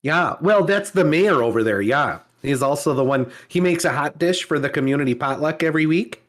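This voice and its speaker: A podcast co-host talks in an animated, jokey way, with a voice that leaps up and down. The swearing comes easily. The tone is loose, casual banter. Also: mid-range voice, a little fast. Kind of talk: casual chat.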